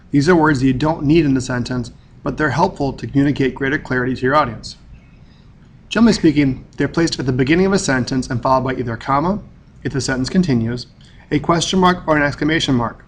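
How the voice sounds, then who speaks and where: A man's voice: medium pitch, a little hiss or hum. A male teacher giving a recorded grammar lesson, explaining in a plain, methodical way.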